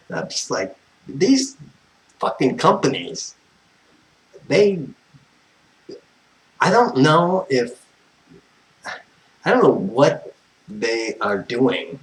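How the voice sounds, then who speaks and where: A man's voice: mid-range voice, very animated, slow pace, pauses often, rough recording. Fed-up American guy, mid-range voice, salty ranting storyteller who cusses nonstop. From United States. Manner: profane, exasperated, tangent-prone. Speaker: vlogger.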